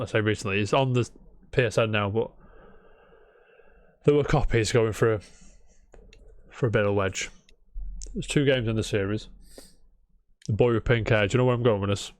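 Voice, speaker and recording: A man's voice: lowish voice, moderate pace, long pauses. A young British man co-hosting a casual gaming podcast, bantering and swearing now and then. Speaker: podcast co-host. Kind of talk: casual chat.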